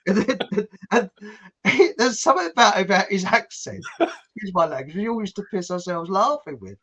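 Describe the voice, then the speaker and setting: A man from England chats casually, spinning anecdotes and breaking into laughter as he goes. His voice sits fairly high for a man. Now and then he slips into mock accents. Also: expressive, brisk, bright, forceful tone, breathy edge. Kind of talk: casual chat. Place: home.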